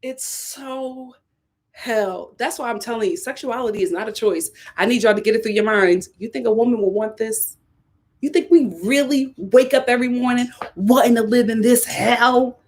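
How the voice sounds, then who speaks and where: A young woman talks straight through a live-stream review, her fairly high voice rising into loud outbursts and dropping to low mutters. She repeats her lines for emphasis in a casual, animated rant. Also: brisk. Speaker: YouTube reality-TV reviewer.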